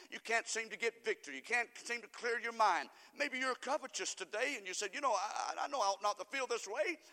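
A preacher man with a high, bright, ringing voice, delivering a sermon in a church with long reverb. He swings from quiet asides to sudden shouts and draws the congregation into call-and-response. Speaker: pastor.

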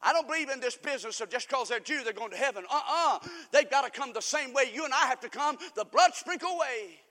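A man preaching a sermon as pastor, switching from shouted declarations to low, confiding asides. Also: lively intonation, a little fast. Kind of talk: fiery sermon. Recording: long hall reverb.

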